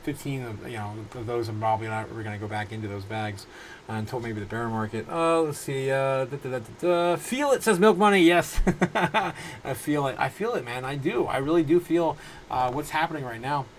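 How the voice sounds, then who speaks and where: A man in his thirties hosting a casual crypto livestream from his home, rambling through viewer comments with halting restarts and frequent laughs. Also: medium pitch, slight background noise, rough recording. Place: home room.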